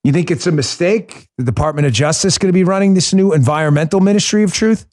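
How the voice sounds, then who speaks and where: A man's voice: high-pitched, fast, a little mellow, dry recording. Combative, sarcastic man with a dry mic. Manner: combative, sarcastic, rhetorical questions. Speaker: podcast host. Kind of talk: political commentary monologue.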